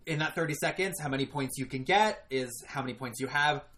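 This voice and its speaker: Co-host calmly explaining game events. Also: mid-range voice, fairly quick, a little hiss or hum. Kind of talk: casual recap chat.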